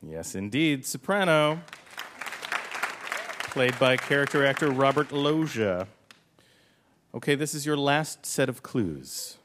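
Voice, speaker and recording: A man's voice: medium pitch, slow, long pauses, a faint crowd, a little hiss or hum. A man running a quiz game, explaining the rules and reading clues with dry jokes. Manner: dry, jokey, animated delivery. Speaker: quiz master.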